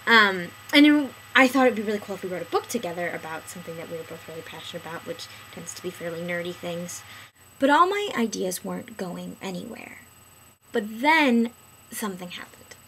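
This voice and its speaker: A woman in her early twenties talking to camera in a casual vlog, chatty and animated, jumping between excited bursts and hushed asides. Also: lowish voice, quick pace, a little hiss or hum, low-quality recording. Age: early 20s. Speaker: vlogger.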